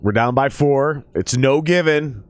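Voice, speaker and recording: A man chatting casually on a live stream while watching football, loose and profane, jumping into excited play-by-play. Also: mid-range voice, a little slow, dry recording, clean studio sound. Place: table at home.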